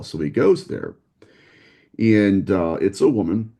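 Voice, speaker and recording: A man, a guest researcher, telling stories in a casual conversation, quick and animated, acting out the people he quotes. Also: low-pitched, creaky. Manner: animated, fast storyteller who acts out quotes. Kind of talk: casual storytelling in a podcast conversation.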